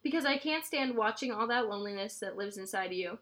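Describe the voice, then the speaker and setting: A woman voicing a gentle middle-aged father who speaks softly and earnestly, read aloud from a novel. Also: medium pitch, lively intonation, fast, pitched below the performer's own voice, natural voice. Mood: tender. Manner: soft, earnest.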